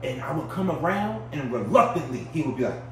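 A man from Brownsville, a podcast guest telling prison stories in a casual, animated way and acting out the voices. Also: a little high, fairly quick. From Brownsville, New York. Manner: animated, acts out voices in his stories, keeps checking in with the listener. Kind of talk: casual storytelling. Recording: echoey room, distant mic, faint noise.

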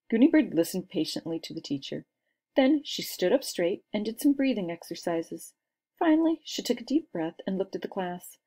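A woman reading a children's book aloud with expressive storytelling. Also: lowish voice, normal speed, breathy edge. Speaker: narrator.

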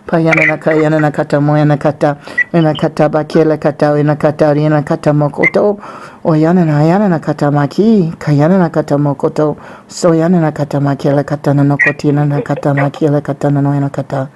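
A woman's voice: low voice, level tone, quick pace, darkish tone, a little hiss or hum, pitched below the performer's own voice, natural voice. A woman voicing a solemn divine male figure giving prophecy, with rhythmic chanted refrains in tongues between phrases. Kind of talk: prophetic utterance.

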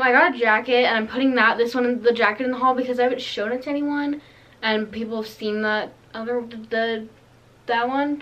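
A woman's voice: fairly high pitch, a bit bright. Bubbly teen girl rambling through a haul. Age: teens. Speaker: vlogger. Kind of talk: casual clothing haul chat.

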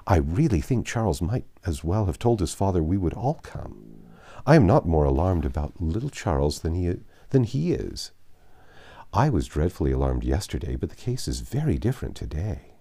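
A man's voice: sits low, big pitch swings, mellow, breathy edge, full character voice. A man reading a classic novel aloud, voicing a fretful, self-pitying young mother who complains easily. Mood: complaining. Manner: complaining, quick to whine.

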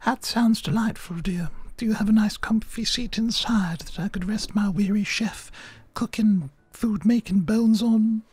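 A man putting on a creaky old grandma chef, high falsetto, slow, wheedling, sweet but sly. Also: darkish tone, dry recording, faint music behind. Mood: sweetly wheedling.

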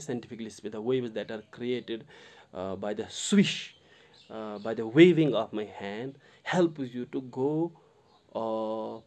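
A man with a Kashmiri English accent explaining a poem line by line to students, halting often and repeating himself. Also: fairly low pitch, gravelly, darkish tone. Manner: halting, many fillers and restarts, addresses the listener directly. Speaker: literature teacher.

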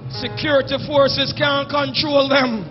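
A man with a Jamaican accent preaching a fiery sermon as bishop and senior pastor, shouting in drawn-out exhortations and singsong pleas and calling on the congregation to answer. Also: very high voice, flat delivery. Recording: dull lo-fi church recording with music.

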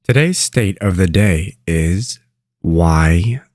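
A young American man hosting a jokey pronunciation tutorial with a deadpan, mock-grand delivery. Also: low voice, normal speed, dry recording, studio quality. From United States. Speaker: pronunciation video host.

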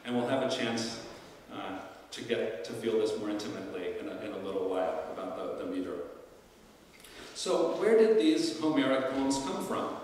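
Speaking at a normal speed in a lowish, expressive voice with a darkish tone, a man addresses alumni as a classics professor. His delivery is contemplative and exploratory, marked by many fillers and restarts. Captured from a distance in a roomy lecture hall, the audio carries slight background noise.

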